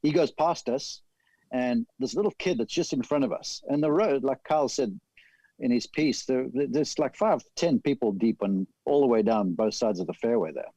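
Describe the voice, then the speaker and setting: A man, a golf analyst, telling long animated stories in casual podcast chat. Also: mid-range voice, normal speed, dry recording, poor audio. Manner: animated, detailed storyteller.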